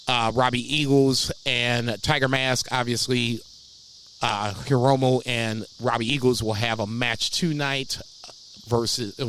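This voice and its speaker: A man's voice: medium pitch, fairly bright tone, a little hiss or hum, low-quality recording. A man co-hosting a wrestling podcast in casual chat, profane and laughing often. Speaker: podcast co-host.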